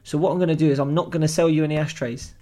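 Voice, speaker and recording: Lively, swearing young man. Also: fairly high pitch, racing. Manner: animated, swears freely, acts out voices. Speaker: podcast co-host. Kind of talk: casual storytelling chat.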